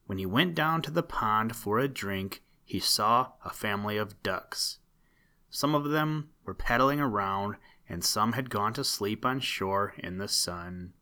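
Male storyteller-host, calm and earnest, lowish voice. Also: measured pace. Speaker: host and narrator. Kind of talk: children's story reading.

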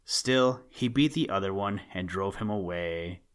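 Low-voiced man reading a storybook. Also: unhurried, clean tone. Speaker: podcast host and story reader. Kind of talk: storybook narration.

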